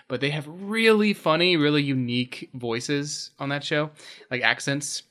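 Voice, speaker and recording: A man co-hosting a casual podcast, chatty and quick to laugh while sharing game-master tips. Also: on the high side, sharp tone.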